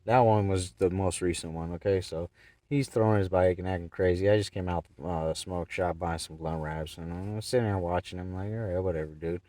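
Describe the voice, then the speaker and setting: A man's voice: sits low, steady tone, a little fast, warm tone, no room sound, distant mic. A man in a casual vlog, telling a rambling, profane story and acting out the people he quotes. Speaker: vlogger. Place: in his car.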